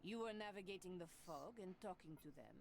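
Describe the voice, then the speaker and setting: A woman's voice: on the low side, lively intonation, a little fast, vocal fry, noisy background. A woman voicing a stern female project director, firm and dryly sarcastic, reading game dialogue aloud. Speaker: voice reader.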